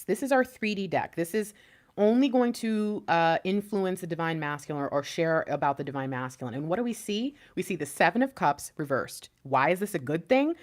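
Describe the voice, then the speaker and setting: A young woman giving a casual tarot reading, easily excited and exclaiming over the cards as she lays them out. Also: medium pitch. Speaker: tarot reader.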